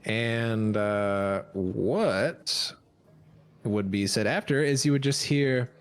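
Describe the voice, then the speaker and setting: A man's voice: fairly low pitch, clear, resonant tone, soft background music. A man running a tabletop game as dungeon master, narrating and playing characters with many fillers and restarts. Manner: slow, hesitant, with many fillers.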